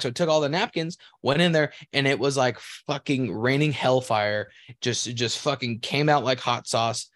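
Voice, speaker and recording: A man's voice: medium pitch, normal speed, hardly any pauses, a bit bright, dry recording, clean studio sound. A man co-hosting a casual podcast, telling a crude story at length, rambling and laughing as he goes. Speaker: podcast co-host.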